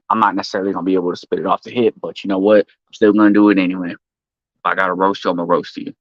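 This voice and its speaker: A streamer with a low-pitched voice rants casually to his live chat, recorded with lo-fi sound and no room sound. He swears constantly and keeps restarting his sentences in a rambling, animated rant.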